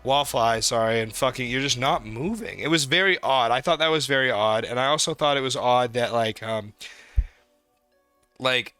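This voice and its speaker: A young New England man co-hosts a podcast, telling stories animatedly in casual chat and swearing heavily. His voice is medium-pitched and smooth at a moderate pace, recorded dry over soft background music.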